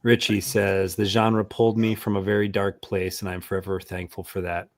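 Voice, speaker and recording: A man's voice: sits low, flat delivery, moderate pace, gravelly, no echo. A man hosting a casual video chat, friendly and hesitant, with many fillers. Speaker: host.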